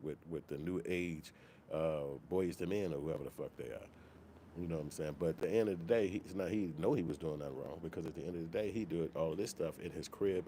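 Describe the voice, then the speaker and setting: A man hosting a commentary channel, talking in a casual, profane, animated rant. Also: rumbling low, a little hiss or hum. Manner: profane, animated, slips into mock quoted voices.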